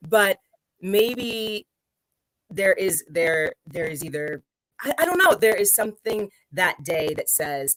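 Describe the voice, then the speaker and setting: A woman hosting a casual chat about improv, conversational and putting on much higher voices for quotes. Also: sing-song, slow, fairly bright tone, dry recording, low-quality recording. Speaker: podcast host.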